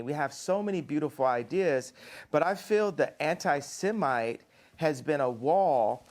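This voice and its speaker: American man, interview guest, rambling, stop-start, lively pitch swings. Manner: halting, rambling, repeats himself.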